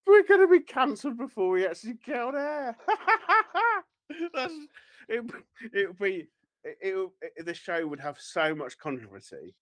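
A man co-hosting a podcast, rambling through teasing questions with lots of restarts, mid-pitched and ordinary in tone. He laughs often between his points. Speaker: podcast co-host. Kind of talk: casual podcast chat.

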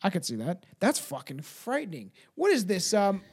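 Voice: medium pitch, huge pitch swings, moderate pace, darkish tone, husky. Sweary, laughing podcast host. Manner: swears a lot, laughs, restarts words. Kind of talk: casual chat and reading a story.

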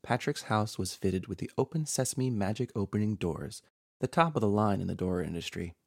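A man's voice: on the low side, lively intonation, brisk, vocal fry, darkish tone, dry recording, clean studio sound. A man hosting a podcast, reading a scripted horror story in a theatrical, playfully sinister way.

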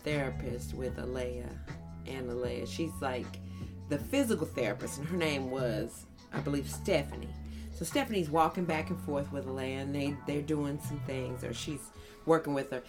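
A woman telling funny family stories on a podcast, acting out her toddlers in high little voices. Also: normal speed, music in the background. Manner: animated storyteller, acts out toddlers in high voices. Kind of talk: casual chat.

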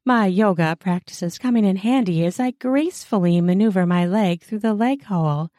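A woman's voice: mid-range voice, moderate pace, warm tone, no echo, studio quality. A woman narrating a first-person adult romance audiobook in a playful, teasing way.

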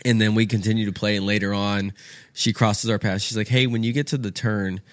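A man's voice: lowish voice, steady tone, fairly quick, no echo. A man, a podcast guest telling a rowdy story in casual chat, acting out the people he quotes and swearing freely. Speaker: podcast guest, golf apparel co-founder.

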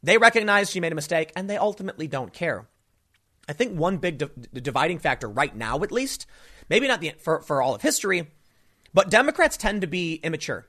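Male commentator, fairly high voice, casual monologue with lots of restarts. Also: big pitch swings, a little fast, bright, forceful tone. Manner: rambling, frequent restarts and fillers. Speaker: political commentator.

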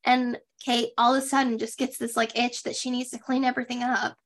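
A young woman with a slightly high voice chats through a reality-show recap with plenty of sarcasm. She talks casually, full of "like"s, and slips into mocking impressions of the people she describes. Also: a little fast. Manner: chatty, sarcastic, animated impressions. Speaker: podcast co-host.

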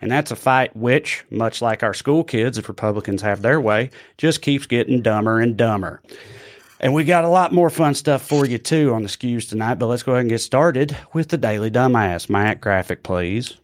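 A man's voice: medium pitch, moderate pace. A man hosting a comedy podcast, who chats loosely and jokes with profanity. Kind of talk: casual comedic chat.

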